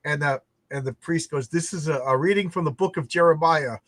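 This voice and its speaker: Brief: animated male host, slightly high voice, dry close podcast mic, stumbling restarts and laughter. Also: fairly quick, no room sound. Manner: animated, laughing, repeats words when starting sentences. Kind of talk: casual storytelling chat.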